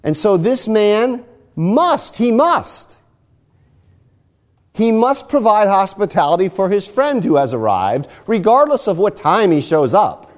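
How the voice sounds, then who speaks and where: A man's voice: high voice, very animated, unhurried. A man preaching a sermon, explaining a scripture passage step by step.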